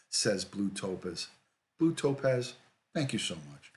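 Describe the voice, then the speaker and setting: A man's voice: mid-range voice, expressive, normal speed. A middle-aged man, hosting a casual livestream, reading viewer comments aloud and greeting people by name, often repeating himself. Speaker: livestream host, retired detective.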